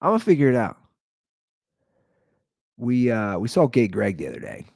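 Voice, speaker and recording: A man in his forties hosting a show, telling a comedic story in a rambling, animated way, full of "like.". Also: mid-range voice, moderate pace, creaky, slightly rough, dry recording, clean studio sound. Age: 40s. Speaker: podcast host.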